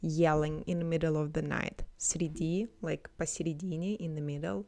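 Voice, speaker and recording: A woman explains words and phrases in a relaxed, teacherly way, filling her pauses with ums. Her voice sits low for a woman. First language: Russian. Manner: explanatory, many fillers. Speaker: language teacher. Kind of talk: explaining language clips.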